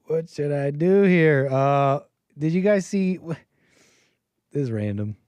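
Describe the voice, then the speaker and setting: A man's voice: a little high, expressive, slow pace, darkish tone, clear, resonant tone, dry recording, highs cut off. A man hosting a call-in livestream, chatting casually and rambling with laughs. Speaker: call-in show host.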